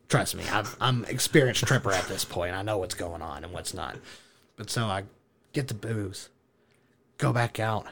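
A young man telling a wild story casually, animated, laughing and swearing as he goes. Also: fairly low pitch, measured pace, vocal fry, long pauses, a little hiss or hum.

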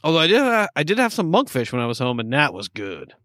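A man's voice: fairly high pitch, wildly swooping pitch, fast talker, a bit bright, dry recording, clean studio sound. A man in his forties from upstate New York, co-hosting a casual chat and rambling with trailing asides. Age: 40s. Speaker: podcast co-host. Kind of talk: casual chat tasting beer.

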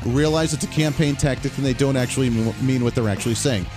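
A man's voice: medium pitch, fast, over music. A man hosting a talk radio show, giving blunt, opinionated, emphatic political commentary from a studio.

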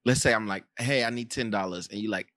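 A man's voice: fairly low pitch, quick pace, sharp tone, no echo, studio quality. An American man co-hosting a casual podcast, telling rambling stories full of fillers and restarts. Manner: rambling storyteller with many fillers. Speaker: podcast co-host. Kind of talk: casual chat.

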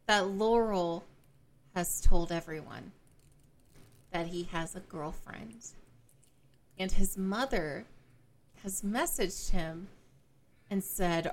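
A woman podcast co-host casually recapping a novel, telling the story in an animated way with frequent laughs and fillers. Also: medium pitch, takes it slowly, pauses often. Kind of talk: casual book-club chat.

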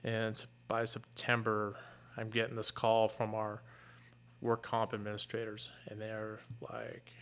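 A middle-aged fire captain with a lowish, monotone, fairly bright voice shares a painful personal story. He tells it earnestly and candidly, in a halting manner.

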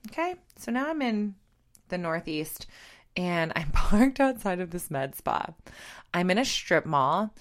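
A woman's voice: lowish voice, unhurried. A young woman in her twenties hosting a podcast, telling a funny personal story in a self-deprecating way and laughing as she talks. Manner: animated, self-deprecating, laughs through lines. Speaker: podcast host. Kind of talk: casual storytelling.

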